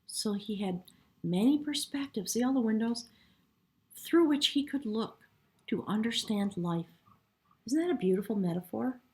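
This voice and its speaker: A woman giving a spiritual tarot reading in a soft, reverent way, sometimes dropping to a hush and getting choked up. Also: fairly high pitch, animated, normal speed. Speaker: tarot reader.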